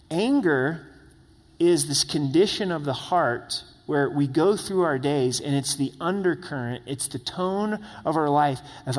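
A man's voice: fairly high pitch, a little slow, big-room sound. A man preaching a sermon as pastor, conversational, with tag questions and voiced quotes. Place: church sanctuary.

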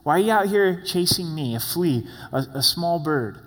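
A man's voice: a little high, animated, normal speed, fairly bright tone. A man voicing a young man who pleads in earnest and exasperation. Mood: pleading. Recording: long hall reverb.

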